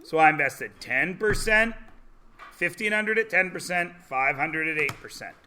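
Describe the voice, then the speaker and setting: A man teaching a math class, animated and joking, explaining word problems and telling stories to his students. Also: a little high, a little slow, slight background noise. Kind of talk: classroom lecture.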